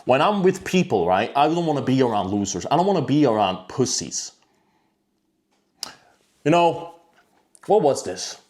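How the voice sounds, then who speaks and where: A man's voice: mid-range voice, sing-song, moderate pace, long pauses, a little mellow. A man talking to camera in a blunt, profane, rambling monologue about discipline, with frequent restarts and filler words. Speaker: self-improvement vlogger.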